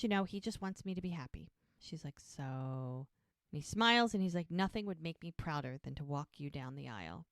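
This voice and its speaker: A woman's voice: sits low, expressive, normal speed, clean tone, no echo, clean studio sound. A woman co-hosting a podcast, casually retelling scenes and quoting the characters as she goes. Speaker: podcast co-host. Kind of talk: casual recap chat.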